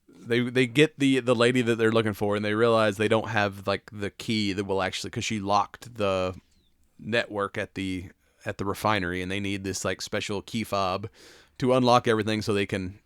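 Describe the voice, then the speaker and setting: A man's voice: lowish voice, fairly bright tone, smooth, no room sound, studio quality. A man co-hosting a podcast, recapping a movie in casual chat, loose and swearing, with lots of fillers. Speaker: podcast co-host.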